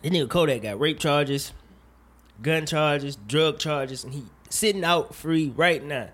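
Man, podcast host, casual chat, animated and profane, fairly high voice. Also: normal speed. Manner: animated, profane and jokey, rambling asides.

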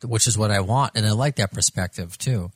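A man hosting a casual interview asks rambling questions with many restarts, repeating words as he asks. His lowish voice is a little fast with a breathy edge, and the recording is dry.

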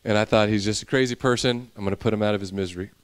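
A man's voice: on the low side, fairly even intonation, very fast, clear, resonant tone. A young male pastor preaching a sermon, telling a personal story and building into intense preaching.

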